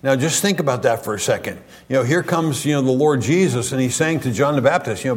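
Folksy preacher man teaching the Bible. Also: medium pitch. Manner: folksy, halting, many fillers and restarts.

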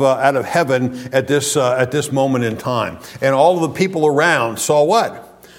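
Folksy preacher man teaching the Bible. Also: medium pitch. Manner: folksy, halting, many fillers and restarts.

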